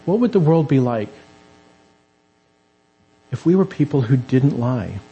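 A man's voice: mid-range voice, animated, measured pace, dark tone, highs cut off. A man preaching a conversational sermon in a church, acting out the quoted voices as he goes.

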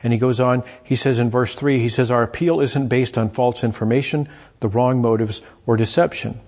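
A man's voice: mid-range voice, steady tone, moderate pace, a little mellow. A man preaching a sermon in a conversational way, paraphrasing scripture and often repeating words as he restarts his sentences.

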